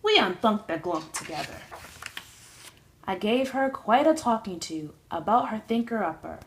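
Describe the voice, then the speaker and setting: A woman's voice: medium pitch, animated, moderate pace, slight background noise. A young woman reading a rhyming children's book aloud in a sing-song way. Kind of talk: storybook read-aloud.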